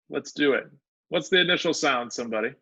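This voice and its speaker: A man's voice: fairly high pitch, gravelly, pushed and bright, breathy edge. A male instructor teaching a live online class, sounding out words syllable by syllable. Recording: dull lo-fi online call audio.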